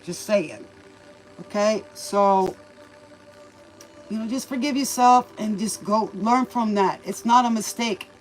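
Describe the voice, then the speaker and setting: A woman's voice: mid-range voice, slow pace, pauses often, faint music behind, poor audio. A woman hosting a tarot reading stream, giving folksy, preachy life advice in a casual manner and calling the listener baby. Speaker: tarot reader and livestream host.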